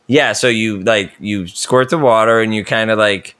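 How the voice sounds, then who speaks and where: A man's voice: fairly low pitch, moderate pace, a bit bright, smooth. Laid-back man co-hosting a podcast. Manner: laid-back, hedging with "kinda" and "like". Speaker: podcast co-host. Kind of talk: casual chat.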